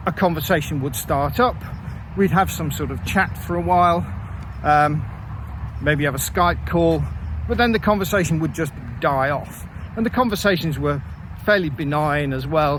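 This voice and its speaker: A man casually telling a story about his own life, with wry, self-deprecating asides and frequent pauses and fillers. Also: fairly high pitch, fairly bright tone, slight background noise, poor audio. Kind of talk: casual first-person storytelling.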